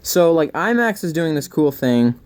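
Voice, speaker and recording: A man's voice: on the high side, very animated, moderate pace, darkish tone, clear, resonant tone. A young man co-hosting a casual movie review chat, upbeat and full of fillers. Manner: chatty, upbeat, filler-heavy.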